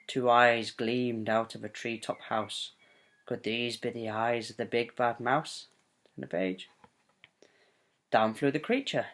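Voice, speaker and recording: A father reading a rhyming picture book aloud to his little one at bedtime. His delivery is gentle and sing-song, pausing to cue page turns at home. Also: mid-range voice.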